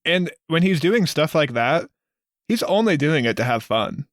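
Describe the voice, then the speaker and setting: A man's voice: a little high, very animated, normal speed, a bit bright, dry recording, clean studio sound. A man co-hosting a casual film review chat, earnest and repeating words as he starts sentences. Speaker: podcast co-host.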